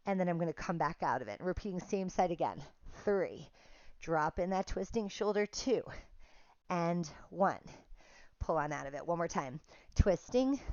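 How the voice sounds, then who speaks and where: A woman's voice: lowish voice, a little mellow, no echo, dull audio. A woman teaching a pilates class online, counting reps aloud and chatting in a casual, self-deprecating way. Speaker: pilates instructor. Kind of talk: guided workout instruction.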